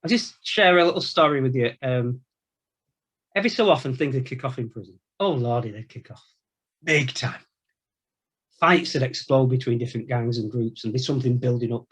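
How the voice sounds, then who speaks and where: A male Catholic priest giving an informal Lenten talk, telling stories from his time as a prison chaplain in a lively, colloquial way. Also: mid-range voice, a little fast, husky. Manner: storytelling, animated anecdotes with quoted voices.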